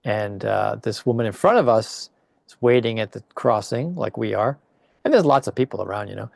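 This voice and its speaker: A man's voice: fairly low pitch, moderate pace, vocal fry, darkish tone, no room sound, studio quality. An older man, a podcast guest, chatting casually and telling rambling anecdotes with quoted voices. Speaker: podcast guest, longtime teacher in Japan. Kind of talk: casual storytelling chat.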